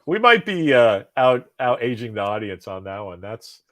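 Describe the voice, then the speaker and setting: A man's voice: mid-range voice, big pitch swings, normal speed, fairly bright tone, no echo. A man in his forties co-hosting a podcast, chatting casually in a rambling, self-deprecating way and laughing often. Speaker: podcast co-host. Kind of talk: casual chat.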